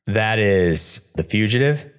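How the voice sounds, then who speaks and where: A man co-hosting a casual movie trivia podcast, easygoing and animated. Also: on the low side, takes it slowly, clean tone. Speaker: podcast co-host.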